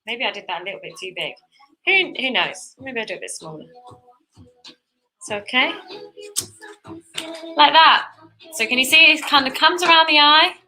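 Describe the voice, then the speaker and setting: Bright-voiced woman teaching painting. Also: high-pitched, normal speed, long pauses, faint music behind. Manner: cheerful, chatty instructions. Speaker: painting instructor. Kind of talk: step-by-step art tutorial.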